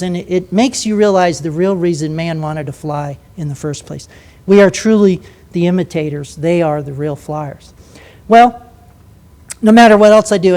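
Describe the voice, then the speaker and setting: A man's voice: sits high, a little mellow. An older man giving a storytelling talk, anecdotal and joking, acting out quoted voices in his stories. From United States. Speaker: speaker at a lecture.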